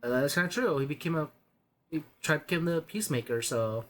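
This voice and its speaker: A man streaming a video game, chatting casually and rambling, often halting to repeat his words. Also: fairly high pitch. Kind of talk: casual gaming stream chat.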